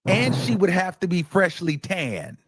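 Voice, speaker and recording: A man hosting a casual live stream, recapping a court case with animated storytelling and acting out quotes, chatting with his viewers. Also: sits high, measured pace, breathy edge, dry recording. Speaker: host of a live commentary stream.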